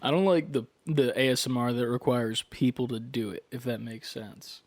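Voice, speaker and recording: A man's voice: medium pitch, fairly even intonation, moderate pace, no room sound. A man co-hosting a gaming podcast in casual chat, full of crude jokes and banter. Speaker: podcast co-host.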